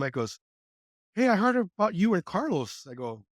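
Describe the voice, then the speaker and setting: A man in his sixties from California, a podcast guest telling his life story in a casual, animated way and acting out the quoted dialogue. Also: moderate pace, no room sound, clean studio sound. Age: 60s. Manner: animated, acts out quoted dialogue with lively pitch jumps. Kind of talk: conversational storytelling.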